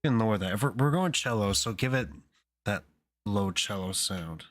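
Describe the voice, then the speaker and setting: A man's voice: lowish voice, animated, normal speed, a bit bright. A man casually thinking aloud to himself as he composes music on a stream, hesitant and muttering. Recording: music playing faintly behind.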